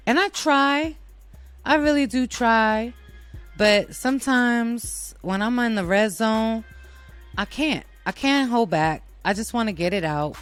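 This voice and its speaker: A woman's voice: on the high side, takes it slowly, clear, resonant tone. Blunt, sassy woman host over faint music. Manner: animated, with quoted put-on voices. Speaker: show host. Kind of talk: casual opinion monologue.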